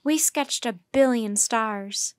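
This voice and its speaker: A woman's voice: on the high side, takes it slowly, no room sound, clean studio sound. A woman voicing a cheerful, earnest young girl in a storybook reading.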